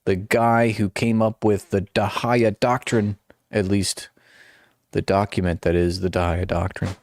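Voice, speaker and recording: A man with a fairly low voice hosts a live stream, reading articles aloud and breaking off into mocking, sarcastic asides. His voice sounds close and dry, with no room echo. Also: level tone, a little slow, darkish tone. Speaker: political commentary streamer.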